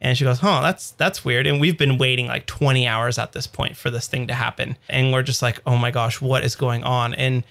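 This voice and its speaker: Podcast co-host, man, thirties, crisp tense tone with fry, casual and full of restarts. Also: medium pitch, flat delivery, brisk, few pauses, fairly bright tone. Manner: rambling storyteller with many fillers and restarts. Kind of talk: casual chat.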